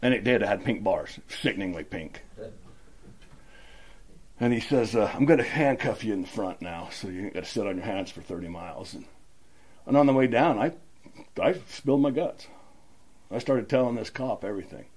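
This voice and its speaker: A man's voice: lowish voice, normal speed, long pauses, a little mellow, breathy edge. A middle-aged man from Utah telling his recovery story at a meeting, rambling and acting out the dialogue. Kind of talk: personal recovery story, casual.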